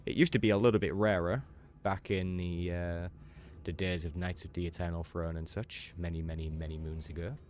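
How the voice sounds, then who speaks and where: Deep-voiced playful male game streamer. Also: steady tone, brisk, darkish tone. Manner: playful, teasing, chatty. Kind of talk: casual live-stream commentary.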